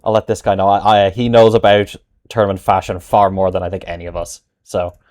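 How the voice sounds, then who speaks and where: A man plays a tabletop game and answers in character with some hesitation. He often restarts his sentences, and his voice sits on the low side. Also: flat delivery, brisk, darkish tone. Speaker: player.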